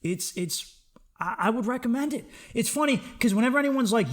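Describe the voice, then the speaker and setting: A young man hosting a solo podcast, ranting in a profane, excitable way that swings between loud outbursts and low mutters. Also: moderate pace. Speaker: podcast host.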